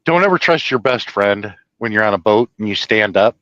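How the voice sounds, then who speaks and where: A man telling a personal story in a rambling, profane, animated way, laughing at his own tale. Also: on the low side, normal speed, no room sound, muffled recording.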